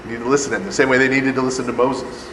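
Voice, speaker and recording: Speaking at a racing pace with little pitch movement, a mid-pitched man runs a relaxed Bible study for a live audience, cracking jokes, doing voices, and tacking "right?" onto nearly every point. A long reverb trails his words, suggesting a large hall, while a low air-conditioning hum runs faintly beneath.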